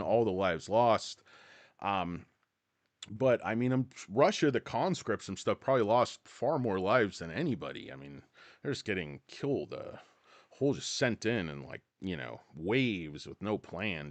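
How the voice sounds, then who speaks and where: A man hosts a casual livestream, rambling a bit profanely as he greets viewers by name. His voice sits in the mid range, with no room sound.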